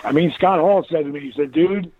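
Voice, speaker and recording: A man who is an interview guest, telling rambling, animated stories in casual chat and laughing often. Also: a little high, quick pace. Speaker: interview guest, former wrestler. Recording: tinny phone-line sound.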